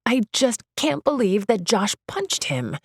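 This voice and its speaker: A young woman reads a first-person romance novel aloud in a low voice. She is expressive and lively in her delivery. The recording is dry and close, with no room sound. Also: unhurried, no room sound. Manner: expressive, leaps high in pitch for her character's outbursts. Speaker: audiobook narrator.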